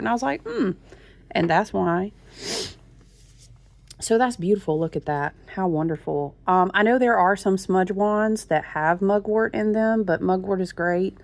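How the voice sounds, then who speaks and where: A woman talks to her viewers as a tarot reader in a gushing, chatty way. Her voice is low and gravelly with lots of fry. The recording is dry and close. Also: no room sound. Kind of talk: casual chat.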